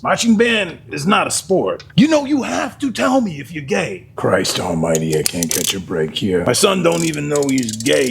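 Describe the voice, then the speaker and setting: Male comic as a crude, exasperated divorced dad; gravelly, animated delivery, faint background noise. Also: mid-range voice. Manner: crude, ranting, exasperated, swearing. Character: angry bitter divorced middle-aged dad, crude. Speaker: comedic POV character sketch. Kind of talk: comedy sketch monologue.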